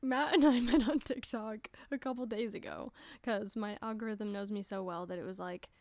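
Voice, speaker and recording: A young woman hosting a casual solo podcast, chatty and giggly, swearing freely and breaking into quick voices. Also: mid-range voice, steady tone, a little mellow, no room sound. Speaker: podcast host.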